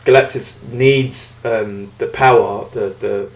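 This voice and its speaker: A man's voice: lowish voice, steady tone, takes it slowly. Rambling British man in an echoey room. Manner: rambling recap with many fillers and restarts, acting out lines in quotes. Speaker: podcast co-host reviewing comics. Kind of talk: casual chat.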